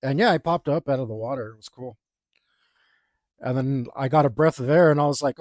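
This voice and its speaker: A man's voice: fairly high pitch, moderate pace, darkish tone, dry recording, clean studio sound. A young man casually telling a rambling, self-deprecating story, with lots of fillers, while he draws. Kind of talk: casual anecdote while drawing.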